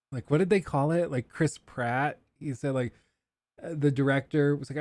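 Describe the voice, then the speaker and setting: A man hosting a casual livestream, chatting and answering viewer questions aloud with quick asides. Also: mid-range voice, darkish tone, no echo. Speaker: livestream host.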